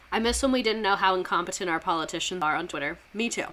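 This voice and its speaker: A woman's voice: on the low side, quick pace, hardly any pauses, bright, forceful tone. Sarcastic, profane woman teaching history. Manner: sarcastic, profane, laughing asides. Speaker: history explainer, former teacher. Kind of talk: casual online history lesson.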